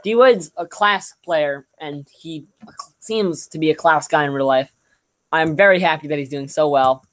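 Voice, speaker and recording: A young man co-hosting a sports podcast, chatting casually. He talks in a relaxed, rambling way, with plenty of fillers and restarts. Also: fairly high pitch, normal speed. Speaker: podcast co-host.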